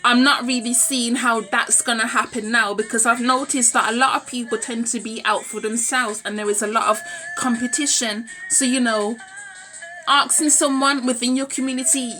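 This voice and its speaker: Woman vlogger, blunt and outspoken, highish bright voice, faint music underneath. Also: steady tone, normal speed. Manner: frank, forthright, blunt. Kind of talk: opinionated talking-to-camera monologue.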